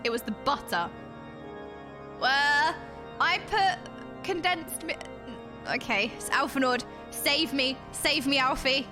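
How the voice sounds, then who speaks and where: Bubbly high-voiced woman streamer. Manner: bubbly, giggly, chatty, reacting to chat. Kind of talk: casual chat with livestream viewers. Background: background music.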